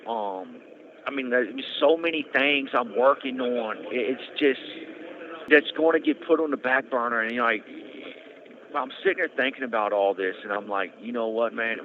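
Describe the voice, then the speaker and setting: A man tells his own story, earnest and conversational, often repeating himself and restarting. His voice sits at an ordinary pitch for a man. The sound comes through a thin, tinny phone line with a faint hiss behind it. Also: animated, moderate pace. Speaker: podcast host telling his story. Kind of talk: casual storytelling. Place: prison phone. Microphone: prison phone handset.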